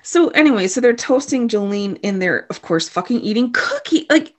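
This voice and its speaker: A woman's voice: on the high side, lively intonation, normal speed. A woman co-hosting a casual podcast, recapping a show in a blunt way, swearing freely and acting out lines. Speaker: podcast co-host. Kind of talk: casual chat.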